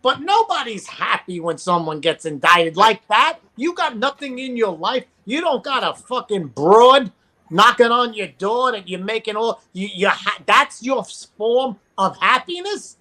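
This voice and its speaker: A man's voice: high-pitched, expressive, measured pace, pushed and bright. A man ranting bluntly and profanely as a podcast guest. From New York. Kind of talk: casual podcast chat.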